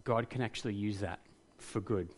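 A man's voice: on the low side, moderate pace, darkish tone. A man preaching a sermon, earnest and reflective, rising to passionate emphasis at times. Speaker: pastor.

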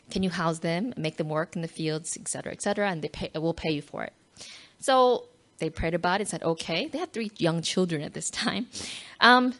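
A woman telling a personal faith story to an audience, animated and emotional, acting out quotes and dropping to a near-whisper at tender moments. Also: medium pitch. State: moved close to tears at times.

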